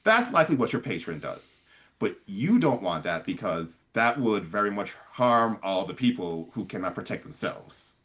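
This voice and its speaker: A man with a somewhat low voice runs a tabletop role-playing session as game master. He explains rulings in a loose, conversational way, full of casual filler. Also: big pitch swings, moderate pace, a bit bright.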